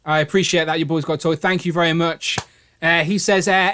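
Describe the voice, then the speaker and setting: Man, livestream host, casual chat, jokey, slightly high voice. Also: fairly even intonation, brisk, bright, forceful tone, smooth. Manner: chatty, jokey, reads out chat comments.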